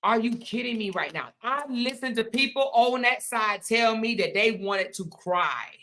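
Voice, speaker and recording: Woman going off on a rant, aave, mocking and emphatic, bright higher voice. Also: animated, a little slow. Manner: sarcastic, repetitive, mocking, emphatic. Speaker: commentary channel host. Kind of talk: ranting commentary monologue.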